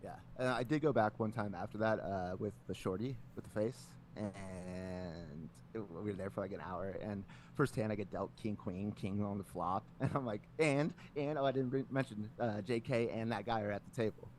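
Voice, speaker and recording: Low-ish dude rambling thru a story on a podcast, lotta "like", swears a bunch, faint hiss behind. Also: male voice, moderate pace, hardly any pauses, darkish tone. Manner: rambling, heavy filler words, swears a lot. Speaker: podcast co-host. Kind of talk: casual storytelling chat.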